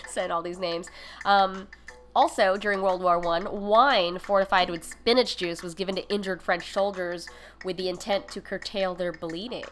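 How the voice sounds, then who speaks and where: A woman's voice: lowish voice, fairly even intonation, measured pace, fairly bright tone, slight background noise. A woman hosting a cooking livestream, talking casually with many fillers and giggly asides. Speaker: cooking stream host. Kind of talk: casual educational livestream talk.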